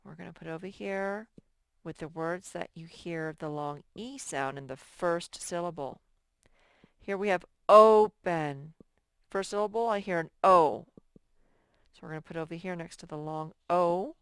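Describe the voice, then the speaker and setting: A woman's voice: lowish voice, smooth, no room sound, clean studio sound. A woman teacher giving a recorded phonics lesson to young children, patient and thinking aloud as she works. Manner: slow, patient, thinks aloud while sorting words.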